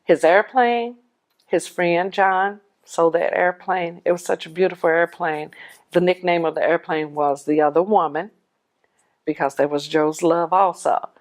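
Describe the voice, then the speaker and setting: Middle-aged woman, lower voice, widow giving personal testimony, lively storyteller who acts out the dialogue. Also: unhurried. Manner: animated storyteller acting out dialogue. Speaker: widow sharing her story.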